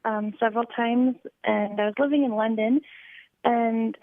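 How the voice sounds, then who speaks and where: A young woman with a Californian accent calls in over a tinny phone line. Her voice sits fairly high and sounds dry and narrow-banded. She tells her story hesitantly, padding it with ums and likes. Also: steady tone, unhurried, no echo. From Los Angeles, USA. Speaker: caller. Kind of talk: phone-in question.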